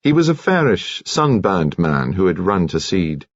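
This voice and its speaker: A man narrating an audiobook in a measured, expressive storytelling manner. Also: low-pitched, no echo. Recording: dry, dull audiobook studio recording.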